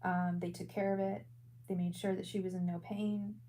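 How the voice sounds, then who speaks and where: A woman giving psychic readings on a live stream, stumbling over and repeating her words in a soft way. Her pitch barely moves and stays level from phrase to phrase. A faint hum runs under her voice. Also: level tone, normal speed, low-quality recording. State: emotional. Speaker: tarot reader and psychic medium.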